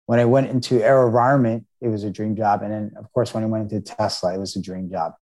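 A man's voice: fairly low pitch, steady tone, fast talker, dark tone. A middle-aged American man, a startup founder, giving earnest storytelling answers in an interview. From United States.

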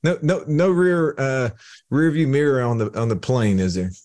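A man's voice: mid-range voice, normal speed, a little mellow. A Texan man hosts a casual round-table chat with a playful, joking manner. He introduces guests with flashy nicknames and laughs easily. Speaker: podcast host. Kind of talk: casual panel discussion.

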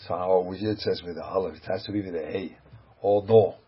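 A man's voice: sits low, steady tone, quick pace, slightly rough. A man teaching a Torah lecture, emphatic, asking rhetorical questions and mixing in Hebrew and Yiddish phrases. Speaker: rabbi teaching. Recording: dull hum-laden recording.

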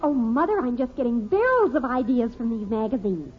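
An actress playing an excitable, gushing teenage daughter in a radio sitcom. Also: female voice, on the high side, a little fast, slightly rough. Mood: eager. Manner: breathless and enthusiastic. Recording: muffled old 1950s radio broadcast.

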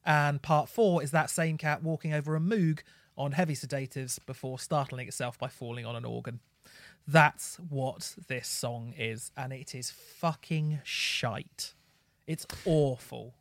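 A man's voice: medium pitch, fairly even intonation, measured pace, fairly bright tone, no echo. Podcast co-host, man, blunt and scathing, dry close mic. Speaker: podcast co-host reviewing albums. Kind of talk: casual chat.

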